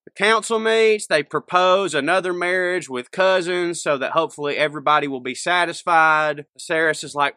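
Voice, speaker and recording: A man recapping a TV episode in a folksy, jokey way and slipping into quick character voices. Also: high voice, pushed and bright, no echo. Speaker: podcast co-host. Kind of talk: casual comedic recap.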